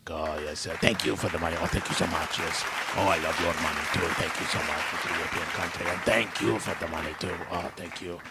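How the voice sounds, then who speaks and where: A man's voice: low voice, fairly even intonation, fast talker, creaky, few pauses, a loud crowd, heavy background noise, voice pushed down. A man putting on the voice of a fawning, greedy male head of state who gushes thanks without end. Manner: gushing, endlessly thanking.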